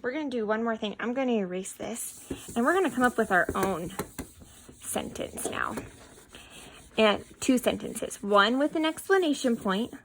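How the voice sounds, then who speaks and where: Lady teacher doing a reading lesson w a kid, kinda high voice, patient and praising. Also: lively intonation, moderate pace, slight background noise. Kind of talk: one-on-one reading lesson with a child.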